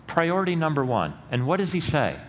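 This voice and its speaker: A middle-aged male pastor preaching a sermon in a church, earnest and rising to loud emphatic peaks. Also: a little high, huge pitch swings, brisk. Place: church sanctuary. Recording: long hall reverb with faint room noise.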